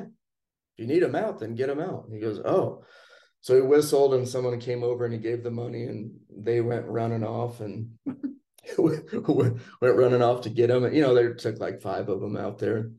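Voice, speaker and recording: A man casually telling a personal story in conversation, relaxed and chatty, acting out what people said. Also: medium pitch, normal speed. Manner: relaxed, chatty, acts out quoted lines.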